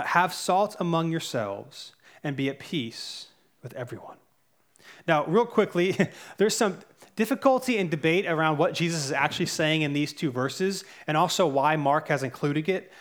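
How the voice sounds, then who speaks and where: A man's voice: fairly high pitch, fairly bright tone. A man in his thirties preaching a sermon as pastor, earnest and conversational, with fillers and self-corrections.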